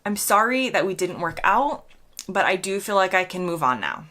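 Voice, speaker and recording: A croaky-voiced American woman works through the comments on her videos. She answers each one with dry, mock-sincere sarcasm. Her pitch rises and falls in lively swoops. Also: moderate pace. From United States. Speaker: vlogger.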